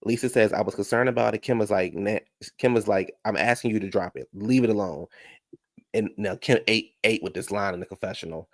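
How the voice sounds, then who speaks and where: A man giving a sassy, gossipy casual recap of a reality show, talking back at the cast with a gravelly voice. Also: fairly low pitch, a little fast, no echo, studio quality.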